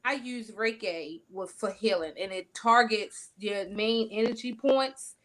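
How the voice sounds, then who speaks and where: Female guest from North Carolina, mid-pitched, casual, explanatory tone. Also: a bit bright. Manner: casual, explanatory, quick quoted asides.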